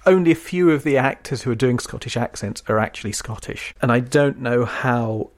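Man co-host, casual, fluent and enthusiastic, mid-pitched voice. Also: normal speed. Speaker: podcast co-host. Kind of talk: casual chat about an old TV series.

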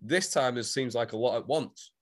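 A man's voice: mid-range voice, normal speed. A man co-hosting a casual chat, throwing in jokey, sweary asides. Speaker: podcast co-host.

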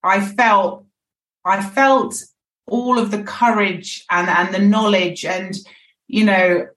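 A woman's voice: mid-range voice, steady tone, slow, a bit bright. A woman speaking as a podcast guest, frank and reflective, often restarting her phrases. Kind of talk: candid podcast conversation. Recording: echoey, distant mic.

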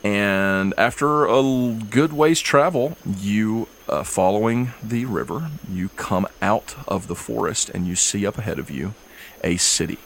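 Low-voiced game master. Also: male voice, a little hiss or hum. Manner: relaxed, halting, with fillers. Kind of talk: narrating a tabletop game.

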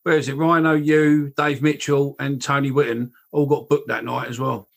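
Gravelly man recalling match details. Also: mid-range voice, flat delivery, normal speed. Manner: recounting match details with hesitant fillers. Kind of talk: casual chat.

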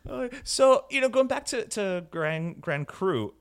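A man's voice: high-pitched, sing-song, unhurried, clear, resonant tone. A man hosting a podcast in a casual, rambling way, with many restarts and you-knows. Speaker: podcast host.

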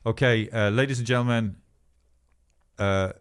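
A man's voice: fairly low pitch, steady tone, a little slow, clear, resonant tone. A man hosting a casual chat, teasing and playful. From England. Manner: teasing, playful, puts on silly voices. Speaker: podcast host.

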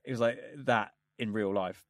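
A man co-hosting a podcast, telling a story in casual, animated chat. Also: on the low side, normal speed, no echo, clean studio sound. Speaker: podcast co-host.

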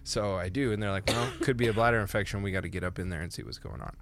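A man's voice: lowish voice, racing, fairly bright tone. A man co-hosting a podcast, telling a profane childhood story casually and acting out the people in it. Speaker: podcast co-host.

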